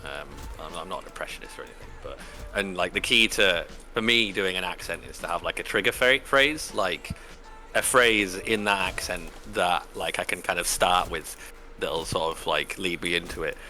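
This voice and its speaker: Deep, bright-voiced man chatting. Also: normal speed, faint music behind. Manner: rambling, many fillers and swearing. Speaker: streamer. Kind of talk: casual chat.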